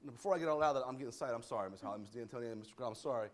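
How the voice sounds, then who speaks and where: A man's voice: medium pitch, very fast. A man talking to students in a courtroom as a judge, fiery and preachy, stumbling over his words when he gets worked up. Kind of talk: animated courtroom talk to students.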